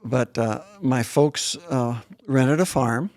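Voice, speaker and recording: A man's voice: mid-range voice, takes it slowly, darkish tone. A man in his late seventies from northern South Dakota, whose first language was German, telling his life story as an interview guest in a leisurely, reminiscing way with frequent restarts. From northern South Dakota, USA. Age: 70s. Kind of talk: casual interview conversation.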